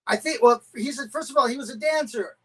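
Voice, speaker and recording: Animated middle-aged man telling stories. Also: very high voice, quick pace, slightly rough, rough recording. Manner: animated anecdotes with acted-out quotes. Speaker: guest, karate champion and stuntman. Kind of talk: casual storytelling interview.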